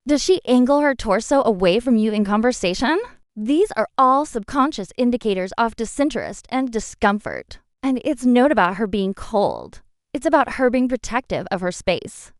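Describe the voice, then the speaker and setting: A woman's voice: fairly high pitch, expressive, normal speed, no echo, clean studio sound. A woman giving scripted narration, addressing the listener directly with blunt advice and rhetorical questions. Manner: direct second-person advice.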